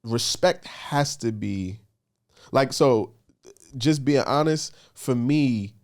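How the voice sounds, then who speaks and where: A man's voice: medium pitch, slow. A man who is a guest on a casual podcast conversation, speaking candidly and emphatically about himself.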